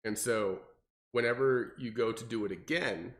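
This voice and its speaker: A young man, a personal trainer, explaining workouts in casual podcast chat and acting out clients in mocking voices. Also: moderate pace. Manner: animated, acts out clients with high mocking voices.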